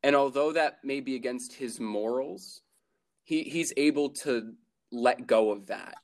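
A man's voice: medium pitch, a little slow. A young man who is a college student, a podcast guest chatting casually, laughing often and restarting his sentences while he thinks. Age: young adult. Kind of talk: casual chat.

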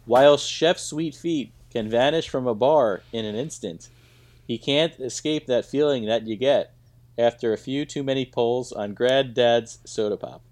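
Male co-host, mid-pitched, jokey and punny, casual podcast banter and mock ad reads. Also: measured pace, a little mellow. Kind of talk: casual comedic chat.

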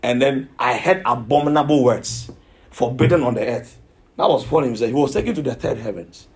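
A man's voice: medium pitch, lively intonation, fairly quick, darkish tone. A man preaching a sermon, emphatic, repeating himself and asking his listeners questions.

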